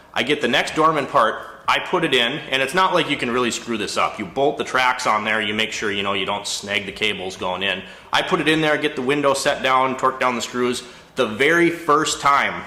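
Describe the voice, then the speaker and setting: A man rants in casual talk about a job that went wrong, and he sounds exasperated as he tells it. His voice is bright and forceful. The room around him is echoey. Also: medium pitch. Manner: exasperated, storytelling, animated retelling. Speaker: auto mechanic and shop owner. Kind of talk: casual ranting monologue.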